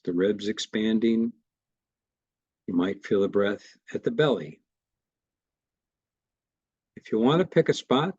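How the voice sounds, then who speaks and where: A man teaching a meditation class, guiding the breath practice in a gentle, reassuring way. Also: lowish voice, dry recording, muffled recording. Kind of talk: guided meditation instruction.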